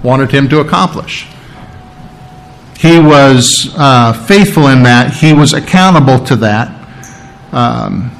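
A man preaching a sermon and teaching through a Bible passage in a conversational way. He asks rhetorical questions, adds asides and clears his throat often. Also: a little high, low-quality recording. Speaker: pastor.

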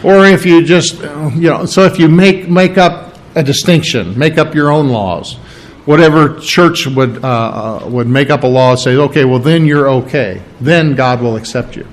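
Earnest man preaching, slightly high voice. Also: moderate pace, rough recording. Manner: earnest, emphatic, repeats key phrases. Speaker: pastor. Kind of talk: expository sermon.

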